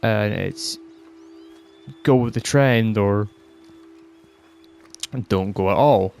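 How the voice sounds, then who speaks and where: Fairly low, gravelly and a little mellow, the Scottish podcast host drags out his words over slight background noise. He's clearly fed up, ranting and rambling with lots of profanity.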